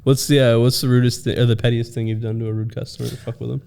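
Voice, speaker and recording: A man's voice: mid-range voice, level tone, very fast, gravelly, darkish tone, clean tone. A man co-hosting a podcast, rambling casually with many filler words.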